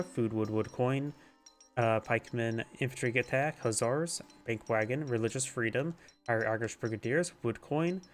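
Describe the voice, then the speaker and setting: A man with a stuffy, congested nose giving casual live commentary on a strategy game, thinking aloud and correcting himself as he goes. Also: mid-range voice. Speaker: game caster.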